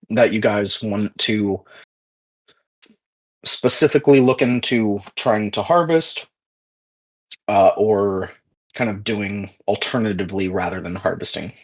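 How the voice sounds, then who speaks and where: Male game master, slow hesitant delivery, full of ums. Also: lowish voice. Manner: slow, halting, many fillers. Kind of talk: narrating a tabletop game.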